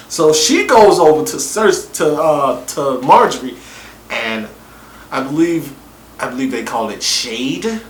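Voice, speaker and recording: Animated profane TV review vlogger man. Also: a little high, measured pace, slight background noise. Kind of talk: casual show review. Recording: roomy room echo.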